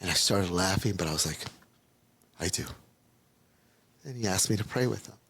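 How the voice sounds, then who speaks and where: A man's voice: sits low, normal speed, fairly bright tone, slightly rough. A man being interviewed as a guest, telling a personal testimony in a rambling, casual way and acting out the voices of people he quotes.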